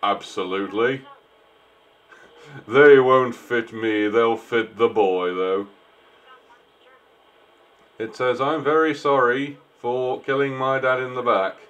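A man's voice: medium pitch, steady tone, takes it slowly, long pauses, fairly bright tone. A man giving casual joking commentary while he plays a game, talking back to the characters. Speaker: gameplay streamer. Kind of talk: casual let's-play commentary.

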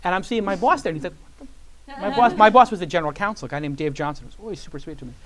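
A man on stage spins a long story at a brisk, tumbling pace. His voice sits a bit high, and he acts out what others said, with plenty of "like" along the way. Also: crowd noise. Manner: animated storyteller who acts out quoted voices, many "like" fillers. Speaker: guest. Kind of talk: storytelling interview. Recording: live event with audience.

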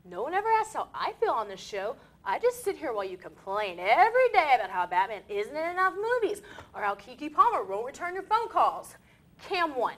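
A woman's voice: sits high, big pitch swings, fairly quick. A young woman co-hosting a comic student TV show, delivering an indignant, complaining rant. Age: young adult. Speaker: co-host.

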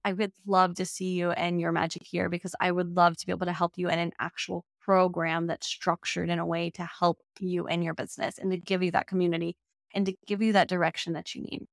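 A woman's voice: lowish voice, little pitch movement, fairly quick, gravelly, no room sound. Heartfelt woman podcast host, dry sound. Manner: heartfelt, emotional, says y'all often. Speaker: podcast host and business coach. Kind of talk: casual solo podcast talk.

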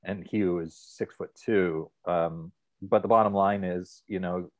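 A middle-aged man, a guest in a casual interview, telling stories in a relaxed, rambling way. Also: deep voice, a little slow, dry recording, lo-fi sound.

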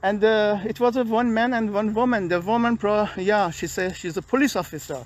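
A high-voiced man talks to his camera from a park, his halting and restless. He sounds worn out and agitated. The sound is dry and close, with no room echo. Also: fairly even intonation. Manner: agitated, weary, halting non-native English. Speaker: vlogger. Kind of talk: personal video complaint. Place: outdoors in a park.

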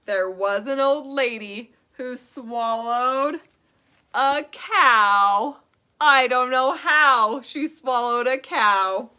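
A young woman teaching preschoolers, reciting nursery rhymes in a sing-song, drawn-out way. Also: on the high side, pushed and bright. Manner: sing-song, drawn-out phrasing for small children. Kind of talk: children's lesson and nursery rhymes.

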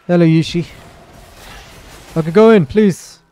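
A young man commentates his own match live for his stream, chatty and excitable. His voice sits a little high, with a mellow, soft tone. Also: a little slow, dry recording. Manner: excitable, chatty, apologetic asides to chat.

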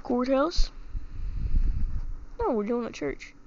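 A woman's voice: high voice, animated, takes it slowly, a little mellow. A young woman casually commenting while she plays a life simulator game, reacting aloud and reading out menu options. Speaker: gamer playing a life simulator. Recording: dull lo-fi sound with clear background noise.

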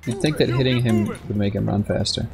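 A man's voice: lowish voice, fairly even intonation, brisk, gravelly. A man bantering and complaining playfully during a casual let's play. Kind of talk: casual gaming commentary.

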